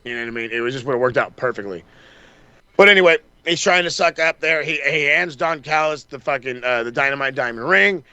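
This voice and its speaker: A man co-hosting a podcast, recapping wrestling in a casual, animated and profane way, acting out the wrestlers' lines. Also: medium pitch, brisk, smooth, no room sound, muffled recording. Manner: animated, swears a lot, acts out wrestlers' lines. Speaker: podcast co-host.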